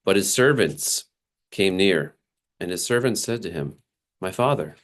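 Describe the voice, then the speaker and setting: A man preaching a sermon, animated and acting out the people he quotes, with frequent small laughs. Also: deep voice, unhurried. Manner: animated, acts out quoted characters, laughs often. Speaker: pastor.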